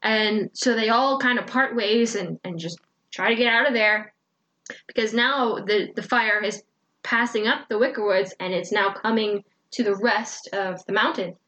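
A woman's voice: medium pitch, moderate pace, poor audio. A young woman co-hosting a book podcast, retelling the story in casual chat and acting out the characters' lines. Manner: animated storytelling with acted quotes and laughter.

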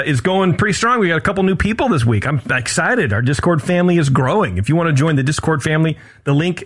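A man co-hosting a podcast in casual chat, animated and laughing often, calling people "man" and "dude.". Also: fairly high pitch. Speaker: podcast co-host.

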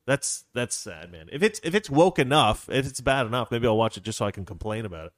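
A man's voice: mid-range voice, fairly quick, no room sound, clean studio sound. A man hosting a livestream, chatting casually, reading viewer comments and rambling through stories with frequent laughter. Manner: animated, rambling storyteller who laughs often. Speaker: livestream host.

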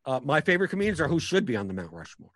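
Rambling, fast-talking comedian. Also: male voice, fairly high pitch, big pitch swings, a bit bright. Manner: rambling, fast, many restarts and filler words. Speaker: stand-up comic and professional poker player. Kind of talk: casual podcast conversation.

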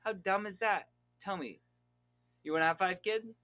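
A young man chatting casually on a podcast, telling stories in a profane, animated way. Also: high voice, moderate pace, dry recording. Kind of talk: casual chat.

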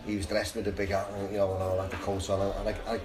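A man's voice: sits low, monotone, fast, poor audio. A man with a Liverpool accent telling a long rambling story, laughing and restarting as he goes. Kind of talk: casual anecdote. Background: crowd chatter.

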